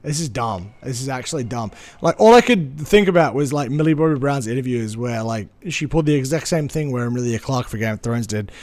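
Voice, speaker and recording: A man streaming live, chatting casually with viewers, ranting animatedly with plenty of swearing and quick apologies. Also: medium pitch, expressive, a little mellow.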